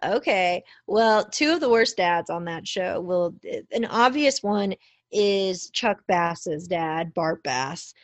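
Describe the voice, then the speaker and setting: A woman chatting casually with a co-host, animated and full of fillers, getting worked up. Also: on the low side, slow, no room sound. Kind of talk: casual chat.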